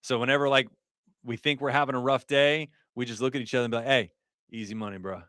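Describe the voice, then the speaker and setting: A middle-aged man hosts his livestream in a relaxed, talkative way, reading viewers' comments and laughing easily. His voice sits at an ordinary pitch for a man. It is recorded close and dry, with no room echo. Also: fast talker, clean tone. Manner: chatty, reads chat aloud, laughs often. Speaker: livestream host, ER nurse. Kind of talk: casual livestream chat.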